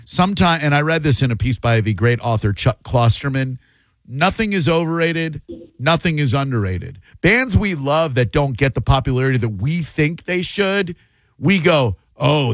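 A man's voice: mid-range voice, animated, moderate pace, no echo. A man hosting a radio call-in show, chatting casually with a wry, opinionated manner and long riffs.

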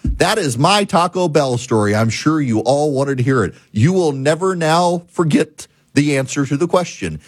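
A man's voice: a little high, lively intonation, moderate pace, no room sound. Emphatic middle-aged man, dry studio voice. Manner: emphatic storyteller, building to a punchline. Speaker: radio talk show host. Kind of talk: talk radio monologue.

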